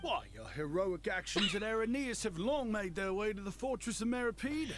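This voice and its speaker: A man's voice: high-pitched, animated, normal speed. An actor playing a polite, deferential young male shop clerk with a London accent, in a video game. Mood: admiring. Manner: eager, deferential. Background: game music.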